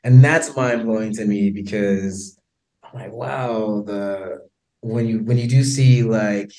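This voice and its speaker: An American man with an American accent, a podcast guest talking in a casual, animated way, laughing often and using many fillers. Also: fairly low pitch, takes it slowly. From United States. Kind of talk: casual interview chat.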